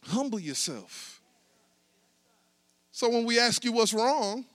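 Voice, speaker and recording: Man, pastor, sermon, high pitched, bright ringing tone, casual asides, builds to shouts. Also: big pitch swings, slow, pauses often.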